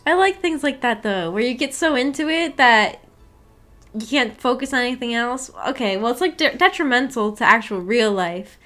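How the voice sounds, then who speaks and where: A young woman with a somewhat high voice, chatting casually to her live-stream audience. She giggles often and trips over her own sentences, restarting them as she goes. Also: expressive, moderate pace, a bit bright, faint music behind. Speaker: streamer hosting a book club.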